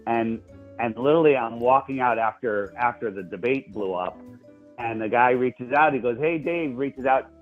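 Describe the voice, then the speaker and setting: A man's voice: mid-range voice, normal speed, narrow, tinny audio, soft background music. A man in casual chat, telling stories animatedly and repeating words as he goes. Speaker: guest.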